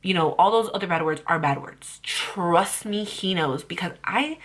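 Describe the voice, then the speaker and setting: A woman's voice: on the low side, moderate pace. A young woman ranting bluntly about parenting on her vlog, heated and full of swearing. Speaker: parenting vlogger.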